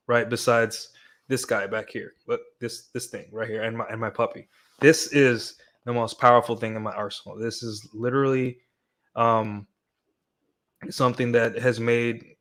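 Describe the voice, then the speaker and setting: A man's voice: mid-range voice, fairly bright tone. Rambling young man giving dating advice. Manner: rambling with frequent "right?" and restarts. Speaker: dating coach streamer. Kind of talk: casual livestream advice talk.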